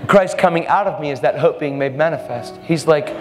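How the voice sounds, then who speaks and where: A man preaching a storytelling sermon, animated, acting out the people in his stories with sudden jumps in pitch. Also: fairly quick, hardly any pauses. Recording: long hall reverb, faint music.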